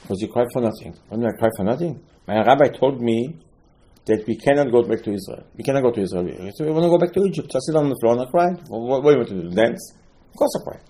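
A man teaching a storytelling Torah class in non-native English phrasing. He acts out the people he quotes, with sudden loud outbursts and quiet asides. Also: medium pitch, lively intonation, fast talker.

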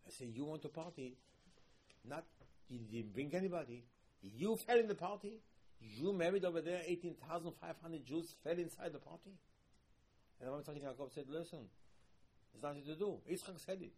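A man delivers a sermon in a husky, rather high voice. He tells his stories with lively swings, doubling up phrases and breaking into loud emphatic bursts. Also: fairly quick. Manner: animated storytelling with emphatic repeats and loud bursts. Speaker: rabbi teaching.

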